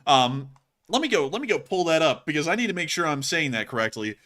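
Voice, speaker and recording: A young man hosting a live stream, chatting casually and thanking viewers for donations. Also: quick pace. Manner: excitable, laughs and breaks into high yelps. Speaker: host.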